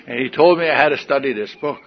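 A man's voice: medium pitch, fast, highs cut off, slight background noise. An older man giving a folksy, wry personal testimony at a meeting, in front of an audience. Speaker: recovery meeting speaker.

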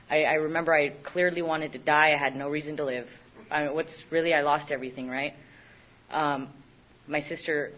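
A young woman giving a candid, self-mocking personal recovery testimony, often stopping and restarting her sentences. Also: sits low. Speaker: recovery speaker. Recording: dull lo-fi recording.

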